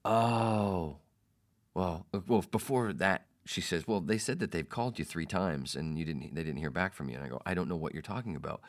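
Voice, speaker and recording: A man hosting a podcast, telling a personal story in a casual, animated way and putting on the voices of the people in it. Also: deep voice, fast, few pauses. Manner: animated, mimics others in quoted lines. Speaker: podcast host.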